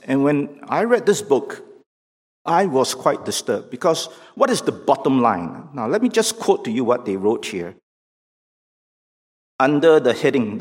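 A man preaching a sermon in an emphatic, deliberate way, pushing questions up almost to a shout. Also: medium pitch. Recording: long reverb of a large hall.

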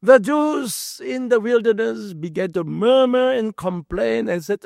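A man's voice: very high voice, lively intonation, a little slow, creaky, few pauses, darkish tone, no room sound, clean studio sound. A man preaching a sermon through a Bible passage, emphatic and full of rhetorical questions.

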